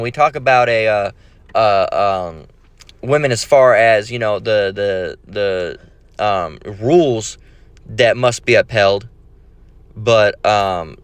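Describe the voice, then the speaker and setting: A man's voice: lowish voice, no echo. A man preaching in a casual rant, blunt and profane, full of fillers and restarts. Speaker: bible preacher.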